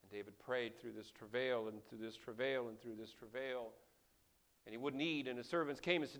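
A man preaching a sermon, swinging from hushed passages to loud outbursts and acting out the quoted characters. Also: mid-range voice, normal speed.

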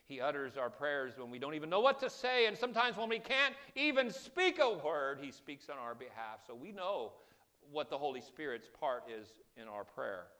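A man preaching a sermon as pastor, swinging between hushed, quiet passages and loud, impassioned ones. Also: on the high side, big pitch swings, normal speed.

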